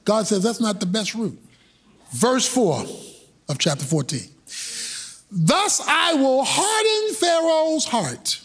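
A male preacher delivering a sermon in an animated, colloquial style, breaking into shouted bursts. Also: very high voice, takes it slowly, pauses often, husky.

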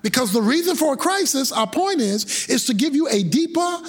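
A male preacher delivering a sermon in an animated, colloquial style, breaking into shouted bursts. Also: extremely high pitch, normal speed.

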